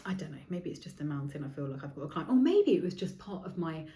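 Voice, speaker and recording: A woman in her forties talks through her podcast alone, frank and rambling, swearing freely. Her voice sits a little low. The room around her is echoey. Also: very animated, quick pace, mellow. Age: 40s. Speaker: podcast host. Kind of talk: candid solo podcast monologue.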